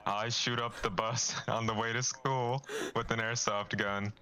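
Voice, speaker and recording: A man's voice: medium pitch, little pitch movement, unhurried, bright, forceful tone. A young man from North Carolina co-hosting a podcast, chatting casually and teasing his friends. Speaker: podcast co-host. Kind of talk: casual chat.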